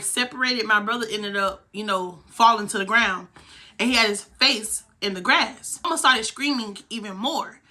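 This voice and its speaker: A woman's voice: mid-range voice, bright, forceful tone. A young woman vlogger telling a heated, profane story from her own life. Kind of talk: storytime vlog.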